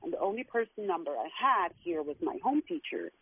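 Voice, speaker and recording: A middle-aged woman calls in to a talk show and tells her own story, earnest and emotional. Her fairly low voice is brisk and breathy, with big swings in pitch. The phone line sounds tinny and dry.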